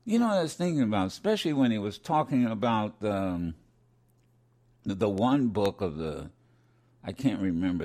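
An older man co-hosting a talk show from his home studio, commenting casually with frequent restarts as his thoughts run ahead of his words. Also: mid-range voice. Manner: animated, restarts often, quickens when excited. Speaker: radio show co-host.

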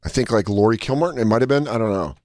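A man's voice: lowish voice, racing, no room sound. A male comedian co-hosting a podcast, riffing casually and steering the conversation. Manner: animated, riffs and steers the conversation.

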